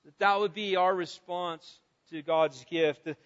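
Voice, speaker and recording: A man preaching an earnest sermon, often repeating his words and rising to loud cries. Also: sits high, steady tone, measured pace. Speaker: pastor. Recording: dull sound with long reverb.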